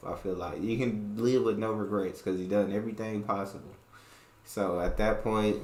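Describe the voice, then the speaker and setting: A man's voice: fairly low pitch, echoey room, a little hiss or hum. An American man hosting a reaction video, chatting playfully and laughing with a colloquial manner. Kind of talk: casual reaction chat.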